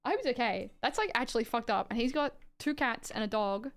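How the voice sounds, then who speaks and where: Australian woman streamer, smooth voice. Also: on the high side, animated, a little fast. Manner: reads legal text aloud, then chats offhand with viewers and swears casually. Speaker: livestreamer. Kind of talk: casual livestream chat and reading aloud.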